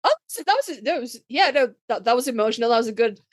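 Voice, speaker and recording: Woman cohost with a really high voice, emphatic, swears a lot. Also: animated, fast. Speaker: podcast co-host. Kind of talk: casual chat.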